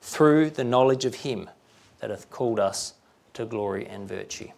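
A man's voice: medium pitch, normal speed, vocal fry, a little mellow. A man preaching a sermon, talking conversationally and checking in with rhetorical questions.

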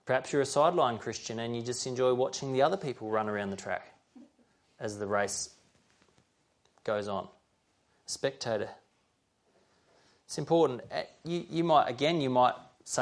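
Male preacher, sermon, gravelly mid-range voice, earnest, speaks directly to the congregation. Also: medium pitch, moderate pace. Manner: earnest, addresses listeners directly. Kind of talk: sermon with scripture reading.

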